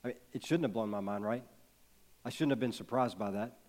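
A man's voice: on the low side, fairly quick, a little mellow. A man in his thirties preaching a sermon, telling a personal story in an earnest way and building to emphatic peaks. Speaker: pastor.

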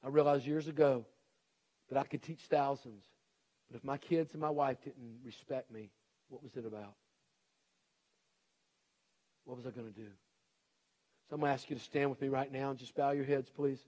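Repeated urgent appeals fill this earnest, pleading sermon from a middle-aged pastor. He speaks a little fast in a steady, darkish, mid-range voice.

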